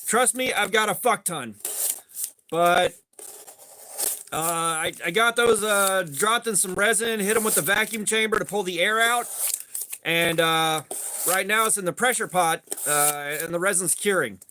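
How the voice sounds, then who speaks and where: A man's voice: high-pitched, unhurried, sharp tone, slight background noise. A man, rambling in casual livestream chat, greeting viewers by name and swearing offhandedly. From southeastern United States. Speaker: livestream host.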